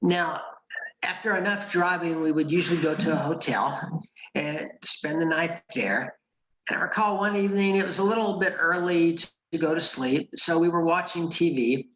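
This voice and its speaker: A middle-aged man giving a club speech and telling a personal story in a measured, wry way with dry asides. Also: a little high, fairly bright tone, dull audio. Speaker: club speaker. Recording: roomy echo.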